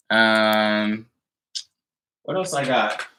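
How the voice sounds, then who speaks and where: Streaming live from indoors at home, a man answers comments from viewers in a rambling, casual way full of fillers, seeming a little worn out. His voice is on the low side with a sharp tone.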